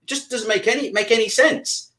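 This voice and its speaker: A man hosting a live boxing stream, reading viewer comments and ranting loudly in a deliberately amped-up, swearing way. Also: extremely high pitch. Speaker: boxing channel host.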